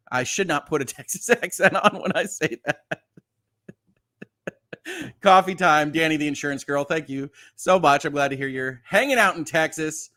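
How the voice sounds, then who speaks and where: A man's voice: on the high side, a bit bright. A middle-aged man hosting a casual livestream, chatting and reassuring viewers while reading their comments, often laughing. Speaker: host.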